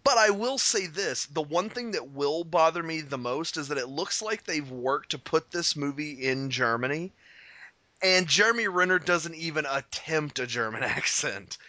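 A man co-hosting a podcast in casual chat, wry and joking, with quick asides. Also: fairly high pitch, animated, bright, forceful tone, no echo. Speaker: podcast co-host.

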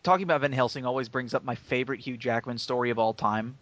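A man's voice: mid-range voice, fast, dull audio. A man co-hosting a podcast in casual chat, telling stories with enthusiasm. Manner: animated storyteller, enthusiastic. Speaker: podcast co-host.

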